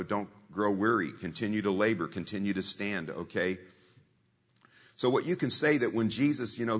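A man's voice: lowish voice, a bit bright, in a large hall. A man preaching a sermon in a conversational storytelling way, repeating scripture lines for emphasis.

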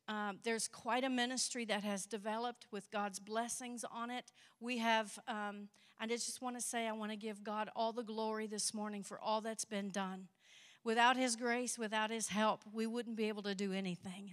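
A woman addresses a church congregation as a visiting missionary. Her voice is bright and sits a little high, and her delivery is upbeat and chatty. The recording has the long, ringing reverb of a church hall. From Kentucky. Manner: upbeat, chatty, laughs often. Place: church sanctuary.

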